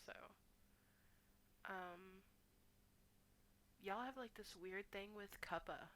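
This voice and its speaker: An American woman co-hosts a casual podcast, chatty and constantly saying "like" between quick laughs. Her medium-pitched voice is a bit bright, and the recording carries a little hiss or hum.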